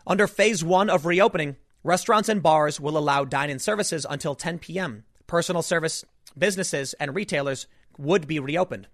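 A man with a fairly high voice hosts his own political commentary. He talks in an animated, emphatic way and peppers his points with rhetorical asides. The recording is dry and close, with no room sound. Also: normal speed, no echo.

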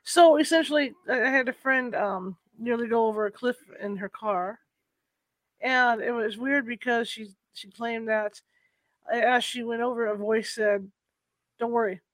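A man's voice: very high-pitched, normal speed, fairly bright tone, dry recording. A man in the audience hesitantly asking a question, stumbling over his words. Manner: hesitant, restarts while asking.

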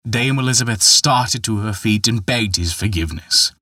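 A man's voice: normal speed, few pauses, pushed and bright, no echo, studio quality. A man narrating a folktale in a scripted, dramatic telling. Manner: dramatic, raises pitch and volume for quoted characters. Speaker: storyteller.

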